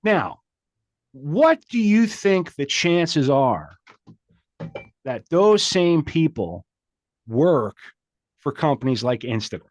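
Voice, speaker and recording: A man co-hosting a comedy podcast, talking in a halting, mock-serious way with lots of restarts. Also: a little high, big pitch swings, no echo. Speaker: podcast co-host. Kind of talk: casual comedic banter.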